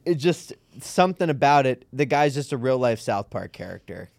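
A man hosting a podcast, chatting casually and telling stories in a rambling, animated way. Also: medium pitch, moderate pace, gravelly, no room sound. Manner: rambling, animated storytelling with laughs. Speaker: podcast host. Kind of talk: casual chat.

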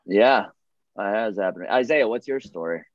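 Animated rambling male comedian. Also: fairly low pitch, normal speed, no echo, dull audio. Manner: animated, rambling with many fillers. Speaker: comedian podcast host. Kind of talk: casual storytelling chat.

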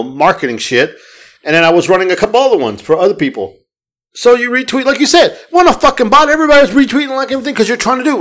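A man's voice: a little high, fairly bright tone. Profane ranting male podcast co-host. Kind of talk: casual podcast chat.

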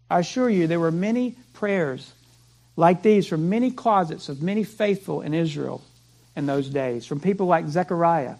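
A male pastor preaching a sermon, telling the story dramatically and dropping to a hush for prayer. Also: a little high.

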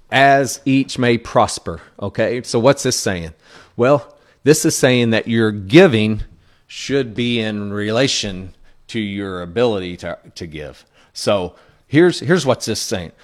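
Earnest man preaching a conversational sermon. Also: fairly low pitch. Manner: frequent checking-in asides to the congregation; earnest, plainspoken teaching with personal stories. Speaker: pastor.

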